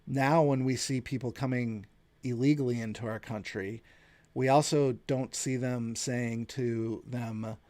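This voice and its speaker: A man's voice: medium pitch, steady tone, measured pace, darkish tone. A man in his late thirties from the United States hosting a solo podcast, giving his opinions in an earnest, conversational way. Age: late 30s. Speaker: podcast host.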